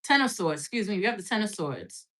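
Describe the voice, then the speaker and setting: Her mid-range voice is sharp and very animated, moving at a quick pace, as a woman reads tarot on a casual live stream despite having the hiccups. She's chatty and blunt, with plenty of swearing and a steady stream of "like."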